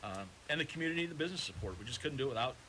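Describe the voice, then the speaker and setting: Male radio guest, bright upbeat voice, promotional pitch. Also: expressive, racing, slight background noise. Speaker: baseball association volunteer guest. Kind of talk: casual radio chat.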